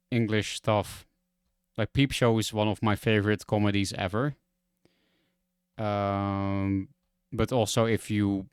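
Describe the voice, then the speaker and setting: A man's voice: lowish voice, smooth, no echo, clean studio sound. A man whose first language is Dutch, chatting frankly and rambling on a game stream. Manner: frank, rambling, restarts often. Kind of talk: casual stream chat.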